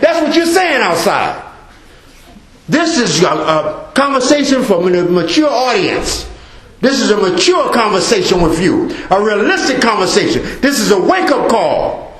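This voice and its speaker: Middle-aged American male speaker, high tenor, emphatic repetitive mosque talk, echoey hall. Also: very animated, moderate pace. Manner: emphatic, repetitive preaching with acted-out asides. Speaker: guest speaker.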